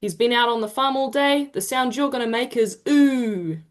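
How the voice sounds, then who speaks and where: A woman's voice: a little high, steady tone. Encouraging New woman teaching pronunciation. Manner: encouraging, drawn-out demonstration sounds. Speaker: te reo Māori workshop presenter. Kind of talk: online teaching session. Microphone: video call.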